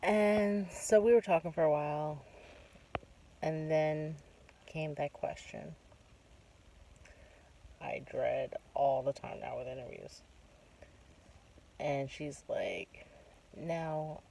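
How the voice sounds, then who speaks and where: Casual vlogging woman, gravelly voice, distant mic, faint room noise. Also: sits low, slow pace, long pauses, dark tone. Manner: chatty, retells conversations with many asides. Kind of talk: casual storytelling monologue.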